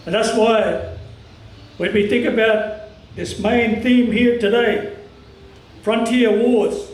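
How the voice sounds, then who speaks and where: An Australian man from the Cairns region giving an impassioned public speech at a commemoration, talking strong and forceful in halting phrases. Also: high-pitched, steady tone, echoey room, recorded from a distance, poor audio. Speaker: community speaker at a commemoration.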